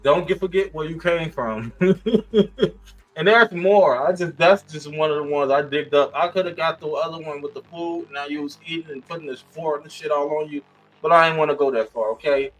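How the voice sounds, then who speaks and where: A man's voice: on the high side, fairly quick, soft background music, low-quality recording. A man reviewing a reality show, cursing, laughing often and talking with sass. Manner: profane, sassy and animated, laughing often. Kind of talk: casual commentary rant.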